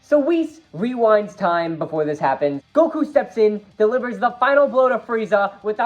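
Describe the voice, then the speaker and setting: A woman's voice: medium pitch, sing-song, moderate pace, few pauses, a little mellow, muffled recording, faint music behind. Exasperated woman ranting in a film review. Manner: exasperated and emphatic, voice jumps up when upset. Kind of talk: animated fan review commentary.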